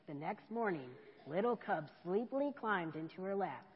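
A woman with a lilting, expressive storybook reading voice. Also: fairly low pitch, moderate pace, a little hiss or hum. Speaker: storyteller dressed as an elf. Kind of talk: reading a children's picture book aloud. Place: church hall. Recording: dull echoey church hall.

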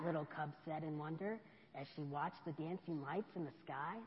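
A woman in a church, reading a children's picture book aloud to kids in an expressive storybook manner. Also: deep voice, moderate pace. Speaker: storyteller dressed as an elf. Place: church hall. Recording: dull echoey church hall.

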